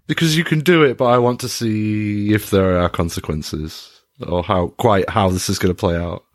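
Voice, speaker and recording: A man's voice: on the low side, moderate pace, dry recording. Wry male game master, dry sound. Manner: wry, wordy storytelling. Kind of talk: narrating a tabletop game.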